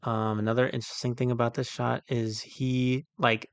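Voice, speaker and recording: A man reviewing a movie in a casual monologue, ranting with exasperation and then calmly breaking down shot composition, full of "like" and "um". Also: mid-range voice, normal speed, creaky, clean tone, no room sound. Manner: exasperated ranting, heavy use of "like" and "um"; calmer, analytical when breaking down shots. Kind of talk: casual film critique monologue.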